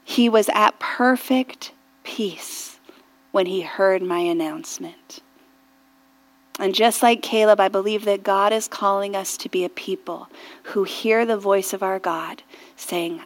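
A woman pastor preaching a sermon earnestly and reflectively, often dropping to a hushed near-whisper and rising to fervent prayer. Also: medium pitch, fairly even intonation, a little slow. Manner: rises to fervent intensity in prayer.

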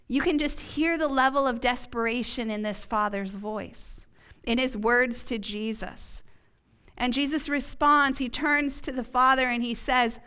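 A woman pastor preaching a sermon in church, earnest and emphatic, sometimes dropping to a hush. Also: a little high, smooth. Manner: earnest, slow and emphatic, dropping to a hushed whisper at key points.

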